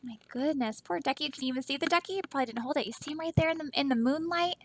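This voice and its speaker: A female teacher reads a children's picture book aloud in a soft, expressive storytelling voice, often pausing to ask her young listeners questions. Her voice is high and she races along, on a dry but rough recording.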